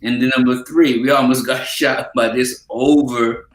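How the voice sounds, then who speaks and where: In a recording with noticeable room echo, a man hosting a podcast casually recounts a funny anecdote in a mid-range voice at a moderate pace. He keeps it lively and chuckles frequently along the way.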